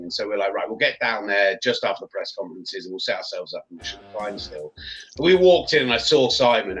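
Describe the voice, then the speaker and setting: Bright-voiced man, chatty storyteller. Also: medium pitch. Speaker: sports radio presenter, guest. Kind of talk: casual podcast chat. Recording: slightly dull, lo-fi sound.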